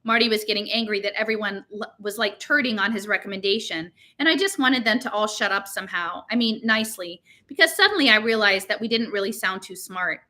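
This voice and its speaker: A woman's voice: mid-range voice, brisk, few pauses, sharp tone. A woman reading a novel aloud, narrating casually in teen slang. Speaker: reader.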